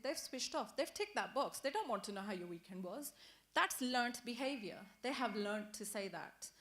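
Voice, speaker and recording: A woman runs a training session in a classroom, her voice bright and slightly high. She talks to the group in an animated way and acts out short sample dialogues to make her points. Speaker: teacher leading a training workshop. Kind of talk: workshop presentation.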